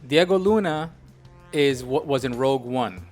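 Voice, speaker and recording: Here the same kind of animated, restart-prone chat comes from a middle-aged host with a mid-range voice at a moderate pace. Faint music sits behind him as he talks through asides.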